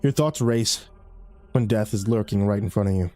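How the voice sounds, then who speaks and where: Man narrating horror in a dark voice. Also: fairly low pitch. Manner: measured, grim storytelling. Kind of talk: first-person horror narration.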